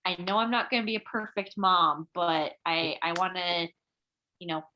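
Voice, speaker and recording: A woman's voice: fairly low pitch, moderate pace, pushed and bright, muffled recording. A young woman on a video call who shares personal reflections hesitantly, with many fillers and restarts. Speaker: book club member. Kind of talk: casual reflective sharing.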